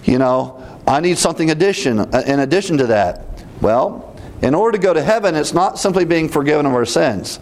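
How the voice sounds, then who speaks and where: A man teaching through Bible verses in a deliberate, emphatic way, repeating references as he goes. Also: on the high side.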